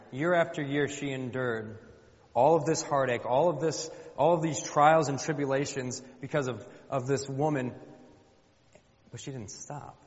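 A man's voice: medium pitch, moderate pace. Emphatic man preaching a sermon. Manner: colloquial, emphatic, repeats phrases for effect. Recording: dull lo-fi with long hall reverb.

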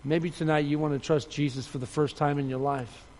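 A man preaching a sermon earnestly, rising and loud when telling a story, dropping soft and low for appeals. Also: steady tone, a little fast, in a large hall, slight background noise. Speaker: pastor.

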